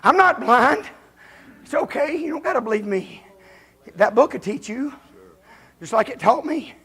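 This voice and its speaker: A man preaching a revival sermon in a folksy way, breaking into shouts and chuckles. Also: very high voice, lively intonation, moderate pace, breathy edge.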